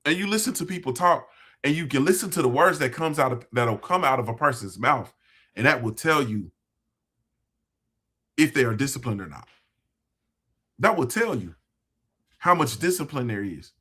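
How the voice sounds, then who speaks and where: Emphatic man with a husky voice. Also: medium pitch, lively intonation, moderate pace, long pauses, bright, forceful tone. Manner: conversational, emphatic, repeats phrases for emphasis. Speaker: host. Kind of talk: motivational talk to viewers.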